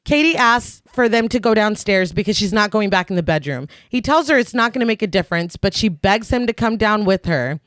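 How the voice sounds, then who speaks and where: A woman's voice: medium pitch, expressive, fairly quick, few pauses, dry recording. Sarcastic woman recapping a plot. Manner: dry, sarcastic asides between plot beats, laughs often. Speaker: podcast co-host recapping the film. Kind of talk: casual chat, narrating a plot recap.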